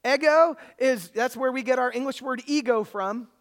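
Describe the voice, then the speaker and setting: A preacher delivering a sermon in a church service, emphatic and prone to repeating key phrases, swelling to loud excitement at the high points. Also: moderate pace.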